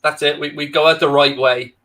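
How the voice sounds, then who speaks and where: A man's voice: a little high, fairly even intonation, fairly quick, bright, forceful tone. A man co-hosting a live football watchalong, wry and a little hesitant. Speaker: co-host.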